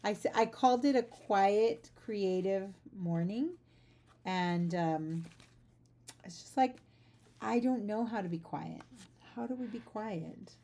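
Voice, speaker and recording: A woman's voice: mid-range voice, slow, warm tone. A chatty, rambling woman hosting a casual livestream from her home art studio, talking to viewers while packing orders. She sounds sleepy. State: sleepy, just up. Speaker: livestream host, artist.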